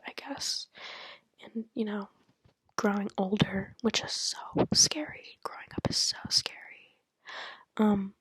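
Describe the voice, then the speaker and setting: Young woman, 19, casual late-night laptop monologue; hushed, breathy whisper, dry close sound, rambling and self-mocking. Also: mid-range voice, no room sound. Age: 19, turning 20. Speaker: college student podcaster. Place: at home at night. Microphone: laptop mic.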